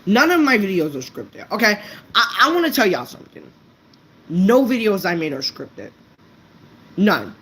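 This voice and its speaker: A woman's voice: medium pitch, very animated, moderate pace, long pauses, fairly bright tone, slightly rough, poor audio. A woman vlogger ranting unscripted to her viewers, blunt and profane, stumbling over her words. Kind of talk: unscripted rant to camera.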